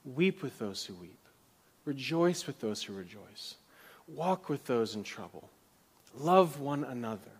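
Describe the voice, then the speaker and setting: A man preaching a sermon as pastor, retelling biblical characters' words with rising drama and sometimes dropping to a soft whisper. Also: mid-range voice, very animated, measured pace, breathy edge. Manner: drops to a soft whisper at tender moments. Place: church.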